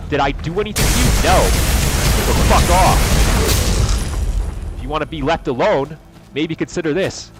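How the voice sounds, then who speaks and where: A young man delivers a heated, profane rant straight to his camera. His voice sits at an ordinary mid pitch and jumps from loud, sarcastic outbursts to low, bitter muttering. A faint hiss of background noise runs under the recording. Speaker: vlogger. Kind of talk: angry personal rant to camera.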